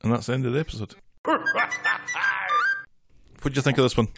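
A man co-hosting a podcast, recapping a cartoon episode in casual chat and cutting in quickly with matter-of-fact comments. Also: medium pitch, steady tone, music in the background. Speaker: podcast co-host.

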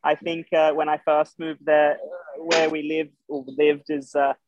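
A young Australian man with an Irish-tinged accent, a showjumping guest chatting casually, halting with many fillers and restarts. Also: on the high side, little pitch movement, a little hiss or hum. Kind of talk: casual interview chat. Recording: dull lo-fi podcast sound.

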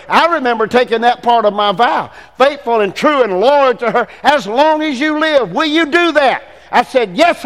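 An older man, preaching a fervent sermon as pastor in a church, swinging between hushed and loud passages. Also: very high voice, big-room sound. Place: church sanctuary.

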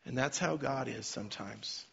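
A middle-aged male pastor delivers a sermon, swinging from quiet storytelling to loud, emphatic preaching. His mid-range voice is slightly rough with vocal fry, at a normal speed. The sound is slightly dull, with faint music behind him.

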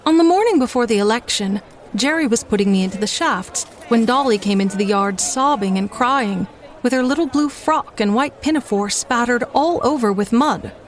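A woman narrating a classic storybook in an even, measured reading voice. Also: fairly high pitch. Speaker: audiobook reader.

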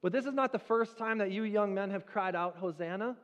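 A man preaching a sermon as pastor in a church, with a conversational, animated storytelling manner. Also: high-pitched, fairly quick, long reverb tail. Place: church sanctuary.

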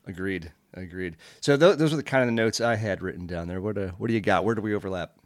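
A man co-hosting a podcast in casual chat, relaxed and agreeable as he thinks aloud. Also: low-pitched, fast, dry recording. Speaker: podcast co-host.

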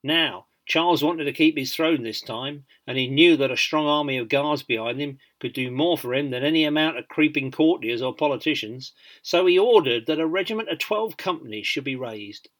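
A man narrating a biography in an audiobook, measured and dryly humorous. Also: fairly high pitch, a bit bright.

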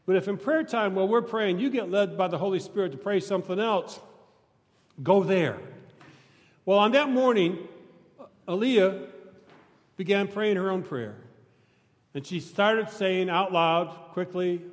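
A male pastor preaching a sermon in a large church, talking conversationally and joking with the congregation, sometimes breaking into shouts. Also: high voice, lively intonation, a little slow, pauses often. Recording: long church reverb.

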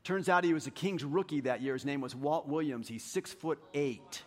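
A male pastor delivering a sermon through personal stories, animated and self-deprecating. His voice sits a little high and shifts often between quiet and loud. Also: normal speed. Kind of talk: sermon with storytelling.

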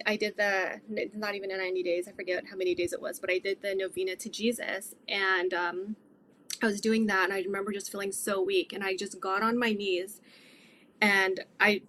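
A woman's voice: medium pitch, a bit bright, a little hiss or hum. A middle-aged woman earnestly telling her faith testimony in an interview, rambling with many fillers. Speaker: guest sharing her testimony.

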